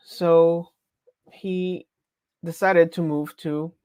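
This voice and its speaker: A woman's voice: deep voice, measured pace, long pauses, dry recording. A woman with a French accent chatting casually on a live stream, rambling and breaking off her own sentences. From France. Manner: rambling, chatty, self-interrupting.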